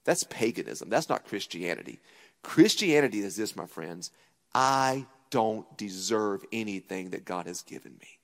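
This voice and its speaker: Emphatic pastor preaching in a hall. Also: male voice, on the low side, animated, normal speed. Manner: emphatic, repeats key points, asks the crowd "right?". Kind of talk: sermon. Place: church auditorium stage. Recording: long hall reverb.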